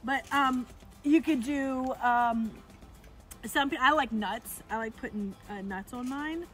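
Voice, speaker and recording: A middle-aged woman with a bright, high voice walks through a campfire cooking demonstration at a campground. She talks in a cheerful, chatty way, explaining each step as she goes. Faint music plays softly beneath her. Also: slow. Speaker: campground host. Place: outdoor campground by a fire pit.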